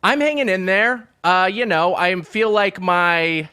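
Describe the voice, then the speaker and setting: A man co-hosting a comedy podcast, with a bright, fairly high voice. He speaks earnestly and carefully and often over-explains his point. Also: measured pace, smooth. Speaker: co-host. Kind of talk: casual comedic chat.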